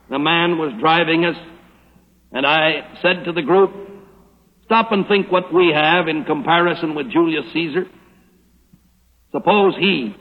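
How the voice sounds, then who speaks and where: An older man preaches with emphatic, drawn-out stress on every verse he quotes. His voice sits high and a little husky. It comes through a dull, lo-fi old radio recording with a long hall reverb. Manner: emphatic, slows down to stress scripture. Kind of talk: sermon. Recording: hollow old radio broadcast with hall echo.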